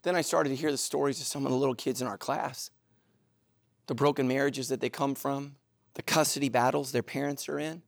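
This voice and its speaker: A middle-aged man preaching a sermon, telling stories animatedly, moving between loud excitement and low, earnest intensity. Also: brisk, gravelly, no echo, studio quality. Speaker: pastor.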